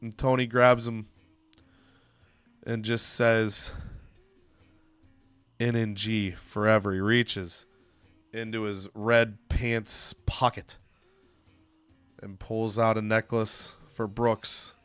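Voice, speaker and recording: A man's voice: mid-range voice, fairly bright tone, smooth, dry recording. A man narrating a wrestling management game story with dramatic, commentary-style delivery.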